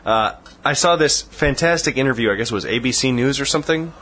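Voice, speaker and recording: Husky-voiced man telling stories on a podcast. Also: medium pitch, fast talker. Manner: animated storytelling, mimics voices, stammers on restarts. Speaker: podcast co-host. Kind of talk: casual chat.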